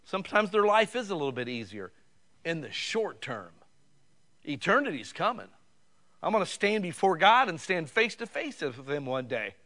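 Man, middle-aged, pastor, sermon, somewhat high pitch, conversational to fervent. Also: sing-song, moderate pace, pushed and bright. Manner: conversational, builds to fervent raised passages.

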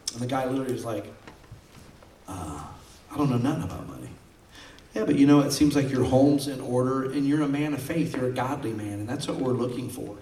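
A man's voice: mid-range voice, darkish tone. A male pastor preaching a sermon, telling stories in a folksy, conversational way. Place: church sanctuary. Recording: roomy sound from far off.

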